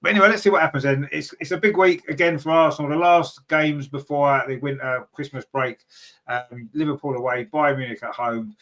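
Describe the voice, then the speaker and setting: A man hosting a fan podcast in casual, rambling chat, reading out viewer comments with many fillers and sudden excited jumps in pitch. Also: fairly quick. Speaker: podcast host.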